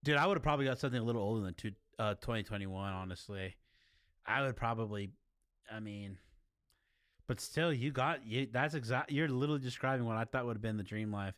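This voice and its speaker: A man's voice: mid-range voice, brisk, a bit bright, dry recording, clean studio sound. A young man from chatting casually with his stream viewers, rambling and laid-back, often calling them dude and bro.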